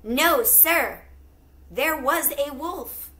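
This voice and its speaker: A woman's voice: mid-range voice, very slow. A woman voicing a young shepherd girl, earnest and determined, in a storybook read-aloud.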